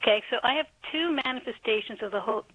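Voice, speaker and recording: A woman's voice: on the high side, rapid-fire, fairly bright tone, slightly rough, no room sound, low-quality recording. A woman calling in to a radio show by phone, telling a story in earnest, careful detail. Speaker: caller. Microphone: telephone.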